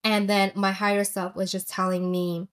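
A woman's voice: mid-range voice, flat delivery, normal speed. A young woman telling a personal story in a chatty, candid way, with lots of filler words. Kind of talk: casual confessional storytelling.

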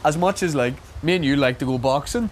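A man's voice: on the high side, fairly quick, slight background noise. A man telling a rambling, self-interrupting anecdote in casual chat, acting out the voices of the people in it.

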